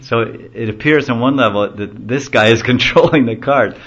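A man's voice: mid-range voice, normal speed, a bit bright. A man giving a devotional lecture in a conversational, rambling storytelling way. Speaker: devotional class speaker. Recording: dull lo-fi recording.

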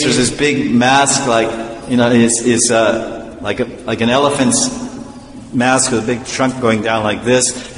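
A man preaching, telling a devotional story in a lively, animated way. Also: medium pitch, slight background noise. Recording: echoey hall with long reverb.

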